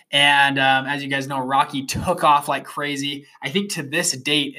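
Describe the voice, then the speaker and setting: A man's voice: medium pitch, sharp tone. A man in his twenties, a podcast host, telling a motivational story in a casual, rambling way full of fillers and restarts. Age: 20s.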